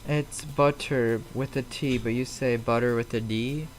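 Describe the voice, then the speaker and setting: This flight sim live streamer talks from home in a mid-range voice with a steady tone and measured pace, and there's slight background noise. He chats casually and answers viewers' messages aloud as they come in.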